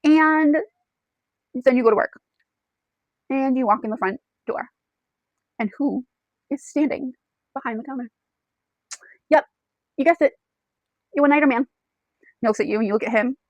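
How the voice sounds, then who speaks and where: Chatty woman, higher voice. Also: moderate pace, pauses often, no echo, dull audio. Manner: chatty, addresses the listener as "you" with frequent "like". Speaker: book reviewer. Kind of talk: casual plot retelling to camera.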